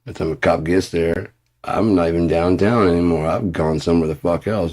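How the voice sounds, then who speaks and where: A man in his fifties in a casual, profane vlog rant, rambling and swearing, muttering low and then flaring up. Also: fairly even intonation, moderate pace, a little mellow. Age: 50s. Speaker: vlogger.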